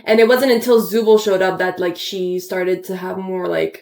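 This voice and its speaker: Woman, casual chat, animated retelling, echoey room. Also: lowish voice, moderate pace, creaky. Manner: excitable, animated retelling with laughter. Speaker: co-host reacting to a show finale.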